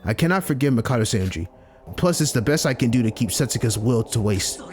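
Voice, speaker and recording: A man reading the lines of a calm, defiant teenage boy in a visual novel. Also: mid-range voice, fairly quick, close to an everyday voice.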